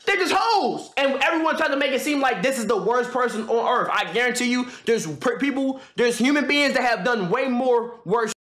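A man livestreaming, ranting loudly and profanely in casual talk, joking and laughing. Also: extremely high pitch, expressive, moderate pace, hardly any pauses, echoey room. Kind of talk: casual stream rant.

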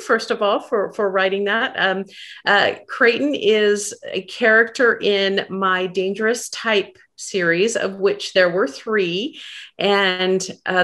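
A woman speaks over a video call in a casual, chatty way, upbeat and warm about her work. She trails off and starts her phrases again as she thinks. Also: medium pitch. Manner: chatty, upbeat, halting with fillers and restarts. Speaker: guest author.

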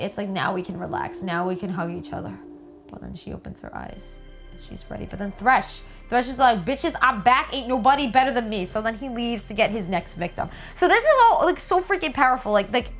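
A woman hosting a reaction video, casual and excitable, gushing and swearing lightly. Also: on the high side.

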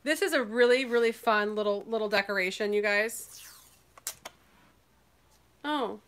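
A woman's voice: mid-range voice, measured pace, fairly bright tone, clean tone. A woman from Minnesota hosting a live online sale in casual, enthusiastic chat, laughing often.

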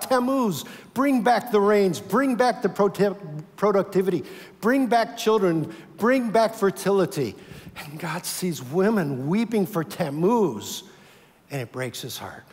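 A man preaching in a church sanctuary with a fairly high voice that rings out with a long hall reverb. He acts out the voices in his text, rising to loud cries, then dropping to quiet, heavy pleading. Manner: dramatic, acts out voices of God and worshippers, swings from loud to hushed. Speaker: pastor. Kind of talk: sermon.

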